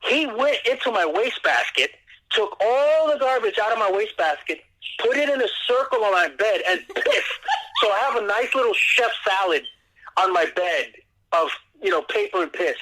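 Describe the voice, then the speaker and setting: A man calling in to a radio show, telling animated, laughing stories about his dog. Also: high-pitched, normal speed, low-quality recording. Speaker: phone-in guest. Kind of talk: casual storytelling on a call. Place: outdoors on a porch. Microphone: phone.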